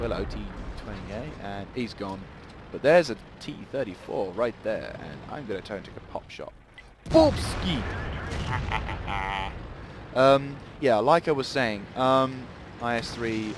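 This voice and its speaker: A man's voice: medium pitch, noisy background. Rambling man commentating a game. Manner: rambling, swears in sudden outbursts. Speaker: gameplay commentator. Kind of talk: live gameplay commentary.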